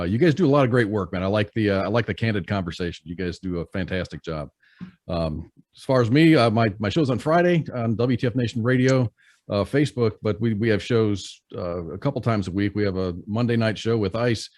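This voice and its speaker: A low-voiced man, speaking as a guest on a podcast. He talks politely and easily, with a few fillers, and the sound is dry and close. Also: a little mellow, no room sound. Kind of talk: casual podcast chat.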